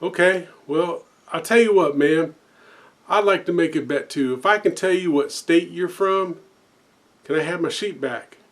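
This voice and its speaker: A laid-back cowboy rancher, voiced by a man telling a joke talks in a folksy drawl. His voice is pitched a little higher than plain speech. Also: measured pace, lightly acted. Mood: sly.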